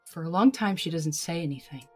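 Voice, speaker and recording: A woman narrating a tabletop game as game master, describing scenes slowly in the second person. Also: on the low side, expressive, husky, soft background music.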